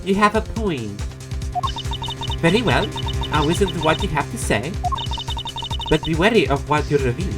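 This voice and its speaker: A man's voice: on the high side, expressive, moderate pace, long pauses, over loud music, pitched above the performer's own voice, lightly acted. A man voicing a prim, stern woman flight attendant with a formal, accusing manner.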